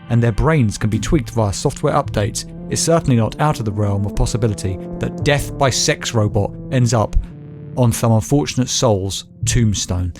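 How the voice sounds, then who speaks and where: A British man co-hosting a podcast, chatting casually and reading news stories aloud with jokey, mock-dramatic flourishes. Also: medium pitch. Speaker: podcast co-host.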